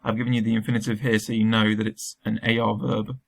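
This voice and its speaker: Gravelly-voiced male teacher, flat delivery. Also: fairly low pitch, quick pace. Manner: patient, explains step by step with many ums. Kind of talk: recorded remote lesson walkthrough.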